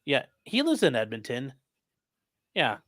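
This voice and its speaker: Joking streamer host; animated pitch, dry close sound. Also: a little slow, dry recording. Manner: joking, teasing. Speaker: livestream host. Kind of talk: casual chat reacting to a trial stream.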